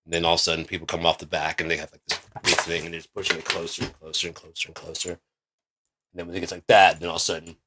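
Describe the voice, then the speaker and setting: A man vlogging in a casual, rambling monologue, swearing often and getting excited as he pitches his ideas. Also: quick pace, noisy background. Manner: rambling, profane, excitable storytelling.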